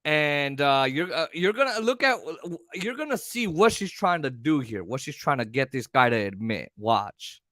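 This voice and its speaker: A man's voice: a little high, big pitch swings, moderate pace, hardly any pauses, a bit bright, no room sound, clean studio sound. A man hosting a casual commentary show, rambling with many fillers and restarts. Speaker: commentary host.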